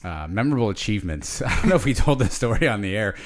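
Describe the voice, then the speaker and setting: A man's voice: fairly low pitch, sing-song, quick pace. A man in his forties co-hosting a casual podcast chat, rambling with lots of fillers and restarts. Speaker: podcast co-host.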